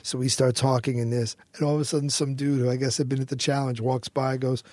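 A middle-aged American man telling a story as a guest in an interview, animated and quick to act out what others said. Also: medium pitch, no echo. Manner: animated storyteller, acts out quotes, swears freely.

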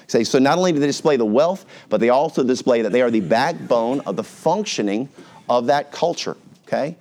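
Animated American pastor teaching. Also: male voice, medium pitch, fairly quick. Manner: conversational, animated, puts on voices for everyday examples. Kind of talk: sermon teaching.

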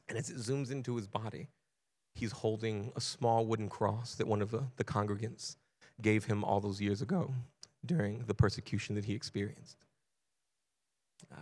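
A male pastor giving a sermon, retelling a story earnestly and building in intensity, with repeated phrases. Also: fairly low pitch.

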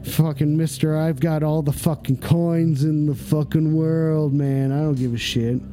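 High-voiced, excitable cursing stream host. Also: male voice, faint music behind. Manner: excitable, cursing, breaks into shouting; deliberate slowdowns for comic effect. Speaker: host of a comedic call-in stream. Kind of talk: profane comedic live stream.

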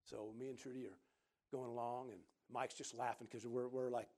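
A middle-aged man, preaching and telling a lively personal story, acting out other people's voices. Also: medium pitch, moderate pace. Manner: animated storyteller who acts out quoted voices loudly. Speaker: pastor. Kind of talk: sermon storytelling.

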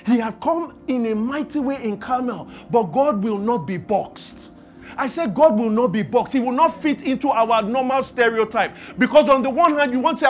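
A man preaches with a high voice for a man, dropping to a near hush and then building to loud declarations. He keeps throwing questions to the congregation for them to finish his lines. Music plays clearly behind him. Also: lively intonation, normal speed. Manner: call-and-response questions, swings from hushed to loud. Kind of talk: sermon.

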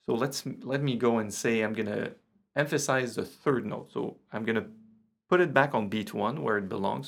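A man teaches guitar in a loose, relaxed way, counting the beats out loud. His voice has a gravelly, creaky edge, and clear guitar playing sits under his words. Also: mid-range voice, normal speed, long pauses. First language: French. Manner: relaxed, counts beats aloud while explaining. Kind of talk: casual online guitar lesson. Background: his own guitar.

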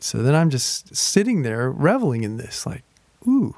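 A man preaching as a pastor, telling a personal story in a slow, reflective way and reading scripture aloud slowly. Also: mid-range voice, big pitch swings, darkish tone, dry recording. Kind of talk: sermon.

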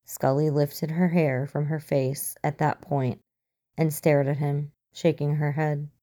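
A woman narrating fan fiction in a steady, expressive audiobook reading. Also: low-pitched, slow pace.

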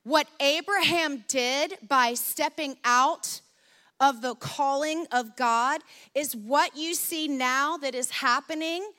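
A woman preaching a sermon, telling stories in a lively, conversational way. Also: high-pitched, slow pace.

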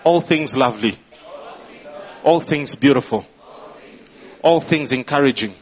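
A man's voice: mid-range voice, a little slow. A man preaching a sermon as pastor, prompting the congregation and rising into emphatic bursts.

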